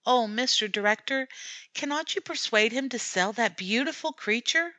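A woman's voice: fairly high pitch, animated, moderate pace, sharp tone, no echo, pitched above the performer's own voice. A woman doing a gushing society lady. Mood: pleading. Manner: pleading, genteel.

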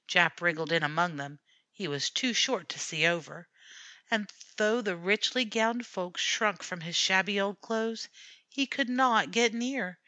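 A woman reading a classic story aloud as an audiobook narrator, in a measured, steady way. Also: mid-range voice, dry recording.

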